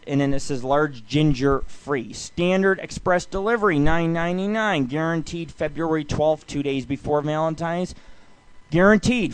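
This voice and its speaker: A man's voice: a little high, clean tone, no room sound, rough recording. A man hosting a late-night internet radio show, ranting in a loose, profane, rambling way and telling crude jokes. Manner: loose, jokey storytelling. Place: show based in Las Vegas. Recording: loud constant background noise.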